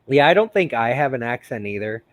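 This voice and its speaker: A man's voice: mid-range voice, fairly bright tone, dry recording. A man hosting a casual live stream, rambling with many fillers and frequent laughs. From United States. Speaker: host.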